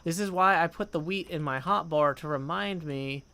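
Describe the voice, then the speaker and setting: A man's voice: a little high, normal speed, sharp tone. Chatty rambling man streaming a game. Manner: chatty and rambling, reads chat aloud, hums to himself. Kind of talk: casual gaming livestream chat.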